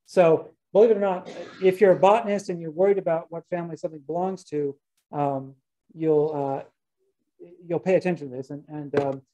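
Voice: mid-range voice, steady tone, fairly quick, warm tone, low-quality recording. A botany lecturer giving a casual talk to gardeners, chatty, often restarting sentences and dropping wry asides.

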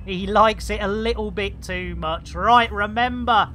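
Bright, jokey woman streaming a game. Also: medium pitch, steady tone, unhurried, few pauses, a little hiss or hum. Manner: chatty, jokey, full of playful slang and muttered asides. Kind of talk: live gameplay commentary.

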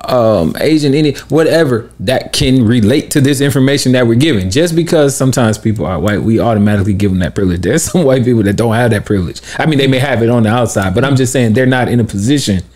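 A man co-hosting a podcast, telling a story in casual chat, acting out quotes loudly and laughing often. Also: mid-range voice, animated, quick pace, few pauses. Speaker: podcast co-host.

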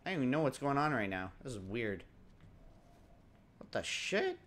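A man's voice: medium pitch, big pitch swings, moderate pace, fairly bright tone, slight background noise. A young man giving casual, joking let's-play commentary, laughing often and mimicking characters. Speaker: gaming commentator.

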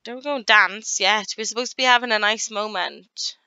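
A woman giving casual gameplay commentary, chatting along and voicing her characters in quick asides. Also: medium pitch, sharp tone, smooth, no echo, lo-fi sound. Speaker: gaming YouTuber.

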